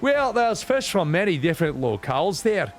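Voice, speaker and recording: A man plays an easygoing male diver in a game, voiced a little higher than the actor's own pitch. He is friendly, helpful and relaxed. His phrasing is lively. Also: normal speed, faint music behind.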